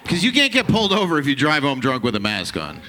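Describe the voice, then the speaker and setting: Lively, bright-voiced male stand-up comedian. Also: a little high, quick pace, slight background noise. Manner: profane, loose and riffing, slipping into mocking voices. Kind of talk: stand-up set with crowd work. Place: comedy club stage.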